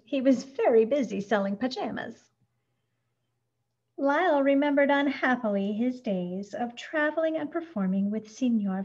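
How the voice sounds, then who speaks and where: A woman narrating a children's storybook in a gentle, expressive read-aloud. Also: a little high. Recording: dull lo-fi recording.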